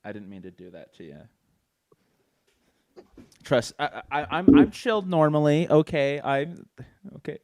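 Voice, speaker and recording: A man's voice: on the high side, very animated, a little slow, pauses often, warm tone, no room sound. A young man hosting a casual podcast chat, rambling with stammered restarts. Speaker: podcast host.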